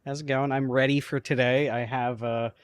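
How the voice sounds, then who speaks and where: A man's voice: mid-range voice, little pitch movement, normal speed, clean tone, no room sound. A man co-hosting a podcast, chatting casually in a laid-back, joking way. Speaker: podcast co-host. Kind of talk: casual chat.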